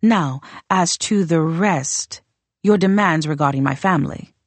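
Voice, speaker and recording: A woman's voice: low-pitched, a little slow, dry recording. Woman reading as a drawling, amused ruler. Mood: dry amused. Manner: drawling, light, understated. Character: imperious woman ruler, lightly amused, veiled threat. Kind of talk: audiobook character reading.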